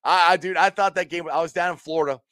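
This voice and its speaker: A man hosting a casual sports chat who tells stories with lively quoted voices and laughs. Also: fast talker. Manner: animated storyteller, acts out quotes with high squeals and laughs. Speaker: podcast host.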